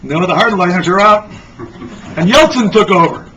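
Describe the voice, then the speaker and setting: An unflappable elderly Russian grandmother, as a man voices her in a read-aloud cartoon, setting things straight in a plain, matter-of-fact way. The voice sits fairly high for a man. It comes across thin and far from the mic, with faint noise behind. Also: expressive, moderate pace, bright, forceful tone, highs cut off.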